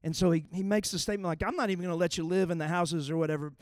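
A man's voice: sits high, fairly even intonation, racing, no echo, studio quality. A middle-aged man preaching a sermon in a conversational, folksy way, reading scripture with emphatic punch. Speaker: pastor.

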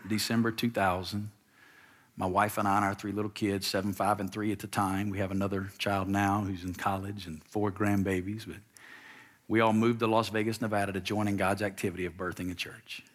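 A man's voice: lowish voice, little pitch movement, a little fast. A man in his fifties, a pastor preaching a sermon with emphasis and having the audience repeat lines after him.

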